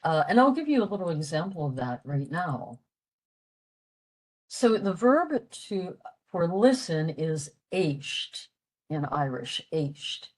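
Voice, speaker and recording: An older woman explaining a language lesson for a library talk, halting with many fillers. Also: deep voice, very animated, low-quality recording. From western Pennsylvania, USA. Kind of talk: explaining a lecture.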